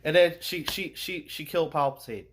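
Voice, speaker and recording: A young man with a fairly high voice gives a loose, rambling rant about a film. He talks in slang and stops often to search for words. He sounds exasperated the whole way through. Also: moderate pace, a bit bright, slight background noise. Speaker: movie reviewer. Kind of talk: casual movie rant.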